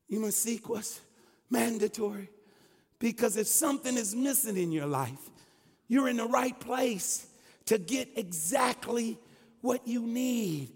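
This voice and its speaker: A man's voice: on the high side, gravelly. A man preaching a sermon as pastor, fervent and calling out to his congregation. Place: church sanctuary. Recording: long church hall reverb.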